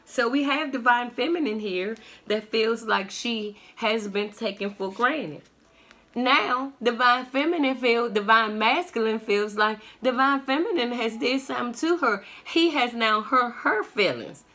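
Slow, bright-voiced sassy woman tarot reader. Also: on the high side. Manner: sassy and blunt, profane. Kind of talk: tarot reading monologue.

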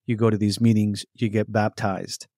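A man's voice: lowish voice, little pitch movement, moderate pace, dark tone, no room sound, clean studio sound. A man hosting a faith podcast, asking follow-up questions and giving short affirmations. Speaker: podcast host. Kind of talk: interview conversation.

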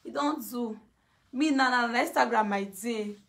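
A Nigerian woman vlogger chats freely in a casual, gossipy conversation, laughing often and mimicking other people. Her voice is a little high and a bit bright, at a moderate pace.

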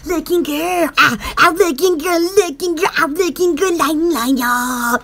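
A woman with a Southern US accent hosting a casual live stream for her online shop, giggly and excitable, rambling with lots of fillers. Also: very high voice, unhurried, few pauses, noisy background. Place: home in the woods.

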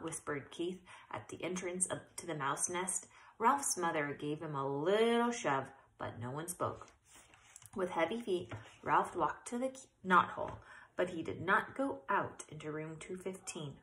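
A woman narrating a children's storybook. Her voice is bright and clear, and her pitch moves a lot as she reads with expression. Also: unhurried, poor audio. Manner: expressive, occasional self-corrections. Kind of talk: storybook read-aloud.

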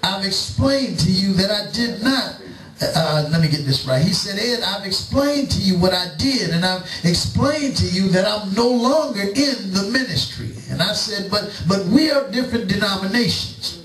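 A middle-aged man preaching in a church, telling a story slowly and acting out both sides of a conversation. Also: sits high, animated, fairly bright tone, recorded from a distance. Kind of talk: sermon storytelling. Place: church sanctuary. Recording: echoey church, preacher away from the mic.

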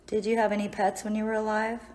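Coaxing woman over loud hiss. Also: medium pitch, monotone, fast talker. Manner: coaxing questions, apologetic. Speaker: realtor and paranormal investigator. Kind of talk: casual talk to spirits during a ghost hunt. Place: empty house, indoors. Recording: loud hiss, air conditioner hum.

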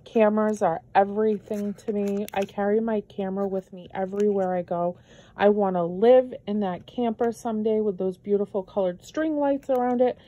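A woman's voice: mid-range voice, fairly even intonation, moderate pace, warm tone, dull audio. A woman vlogger opening mail from friends, gushing and effusive and moved to tears as she talks. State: tearful. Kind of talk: casual unboxing chat.

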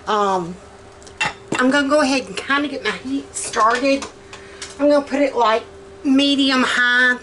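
Slow-talking Southern woman in her kitchen. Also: a little high, background noise. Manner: chatty, rambling, with drawn-out words and many "um"s. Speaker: cooking vlogger. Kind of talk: casual cook-along chat. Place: home kitchen.

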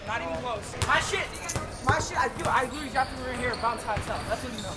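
A man's voice: very high voice, fast. A young man chatting bluntly and teasingly with a friend while filming. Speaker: friend helping film. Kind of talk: casual chat. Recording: outdoor crowd noise behind.

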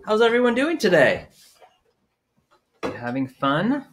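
A man's voice: high-pitched, wildly swooping pitch, unhurried, slight background noise. A man hosting a playful live-streamed sing-along for small children, chatting and singing. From Maine. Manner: playful, sings and chats with young viewers. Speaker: children's music performer. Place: indoors at a home in rural New England. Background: his own acoustic guitar.

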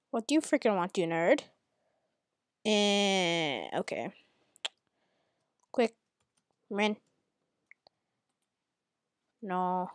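A woman giving live commentary on her own gameplay at home, muttering to herself and then yelling at opponents in exasperation, with mild cursing. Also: no echo, studio quality. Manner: swings from low muttering to angry yelling at opponents. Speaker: gamer.

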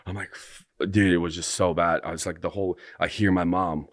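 This young man's voice is low and steady, moving a little fast, recorded cleanly in a studio with no echo. As a podcast guest, he rambles through a long story in casual conversation, restarting sentences and swearing freely.

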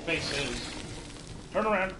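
A man co-hosting a let's play, sarcastic and quick with backseat comments. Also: a little high, expressive. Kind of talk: casual gaming chat. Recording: echoey room with loud noise.

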